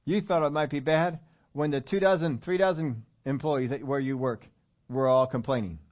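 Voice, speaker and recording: A man's voice: mid-range voice, fairly even intonation, moderate pace, highs cut off. A man preaching a sermon in a conversational way, asking the congregation questions as he goes. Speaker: pastor.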